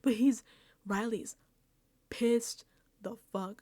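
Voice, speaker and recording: A woman's voice: on the high side, slow, long pauses, warm tone, breathy edge, dry recording. A woman casually recapping a reality show episode, chatty and laughing often, sometimes dropping into whispered asides. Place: indoors, home setup.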